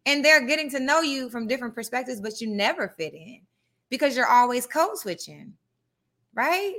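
A young adult woman hosting a live podcast, talking in an animated, conversational way and now and then reading passages aloud. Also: high voice, normal speed. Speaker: podcast host.

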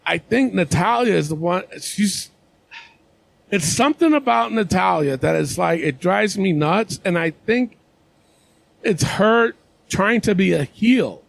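Gravelly high-voiced man hosting a podcast. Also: animated, measured pace, dry recording. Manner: meandering, hedging delivery. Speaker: podcast host. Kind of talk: casual podcast chat.

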